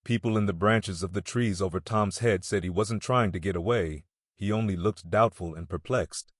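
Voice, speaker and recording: A male audiobook narrator with a low voice tells a scripted story in a measured, steady manner. The studio recording is clean, with no echo.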